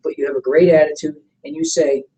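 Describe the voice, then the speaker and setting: A middle-aged man leading a motivational sales training seminar. He coaches with energy, keeps checking that the room is following, and acts out sample pitches. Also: steady tone, quick pace, warm tone, slight background noise, low-quality recording. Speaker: network marketing trainer.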